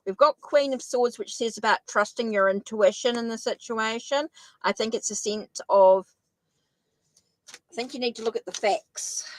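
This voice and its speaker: A woman's voice: fairly high pitch, normal speed, no room sound, rough recording. A woman with a New Zealand accent giving a live-stream tarot reading, thinking aloud and correcting herself as she goes. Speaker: tarot reader.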